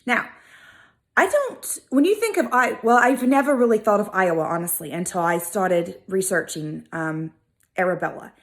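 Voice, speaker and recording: A woman with a Southern US accent hosting a video, telling a history story in a casual, animated, sassy way. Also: mid-range voice, normal speed. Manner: animated, chatty, sassy asides. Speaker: video host.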